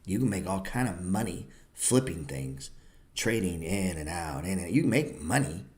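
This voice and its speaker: A man's voice: sits low, animated, normal speed, darkish tone. A man hosting a live-streamed trading class, talking bluntly, swearing freely and lecturing with a sarcastic edge. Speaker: trading educator and show host.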